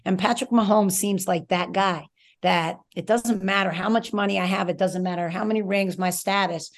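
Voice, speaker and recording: Gravelly woman talking sports. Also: medium pitch, fairly even intonation, normal speed. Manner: conversational, emphatic, rambling asides. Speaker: former college coach, guest. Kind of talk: casual sports talk.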